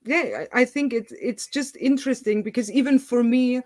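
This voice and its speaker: A woman's voice: a little high, normal speed, a little mellow, dry recording. A woman with a Swabian German accent, a non-native English speaker, explaining things at length as the host of a casual video-call chat. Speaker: channel host.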